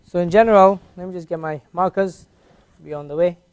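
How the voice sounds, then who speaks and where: A man teaching a beginner Arabic class at a whiteboard, patiently repeating each sound slowly for his learners. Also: high-pitched, smooth, dull audio.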